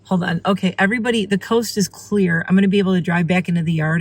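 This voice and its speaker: A woman vlogging casually while filming birds from her car and yard, chatty and excitable, sometimes out of breath. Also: quick pace, poor audio. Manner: excited and chatty, breaks into high squeals when calling her turkey. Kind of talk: casual vlog narration. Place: in a car and outdoors in a windy yard.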